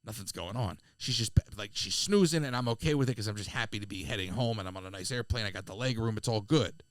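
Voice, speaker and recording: A man, co-hosting a podcast and telling a funny travel story in casual chat, slipping into quick voices of people he met. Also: fairly low pitch. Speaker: podcast co-host.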